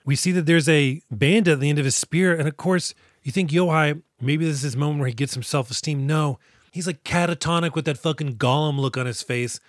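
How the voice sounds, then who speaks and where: Man, podcast co-host, profane and jokey, slightly high voice, dry close mic. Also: brisk, no echo. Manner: profane, jokey, animated retelling. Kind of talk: casual movie recap chat.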